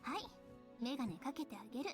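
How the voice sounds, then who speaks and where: A woman's voice: sits high, very animated, rapid-fire, music in the background. A woman voicing a playful, flirtatious female teacher in visual novel dialogue, with a teasing, sing-song manner. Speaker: teacher character.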